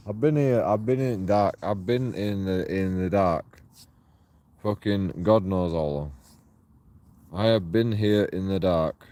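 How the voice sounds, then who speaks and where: Swearing, taunting man on a dark path. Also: on the low side, a little slow. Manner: angry, profane, taunting. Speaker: street auditor filming himself. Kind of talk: confrontational vlog rant. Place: outdoors on a dark path at night.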